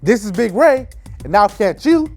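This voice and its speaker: A woman playing an upbeat, playful presenter in a children's church lesson, talking in a lively, emphatic way. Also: medium pitch, moderate pace, over music. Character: upbeat kids' show presenter, energetic and playful.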